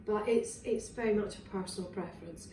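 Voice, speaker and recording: A woman's voice: medium pitch, a little fast, mellow, a little hiss or hum. Chatty Scottish woman in a clattering kitchen. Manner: chatty and rambling, with fillers and restarts. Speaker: wellness vlogger. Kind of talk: casual cooking demonstration. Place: home kitchen. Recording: roomy, distant, with clattering kitchenware. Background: clinks of dishes, cutlery and pans.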